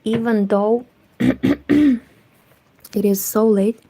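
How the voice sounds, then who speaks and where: A woman chatting softly in a hushed half-whisper at home, live-streaming and talking about her crochet. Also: a little high, very slow, husky, poor audio. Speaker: crochet vlogger. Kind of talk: quiet live-stream chat.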